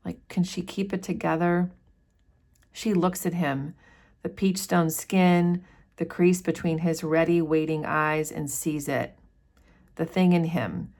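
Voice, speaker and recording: Woman, low pitch, casual book talk, chatty with lots of "like", reads passages aloud. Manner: chatty, frequent "like" and "you know". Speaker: literature teacher discussing a novel.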